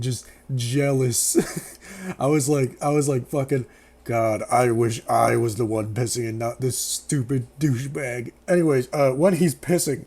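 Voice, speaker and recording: A man's voice: on the high side, warm tone. A young man giving a casual, sarcastic, profane rant as a movie reviewer, laughing often.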